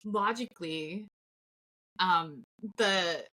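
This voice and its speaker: A woman's voice: on the low side, very slow, bright, forceful tone. A woman co-hosting a film review podcast in casual chat, laughing often and acting out lines from the film. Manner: chatty, laughs often, acts out quotes. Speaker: podcast co-host.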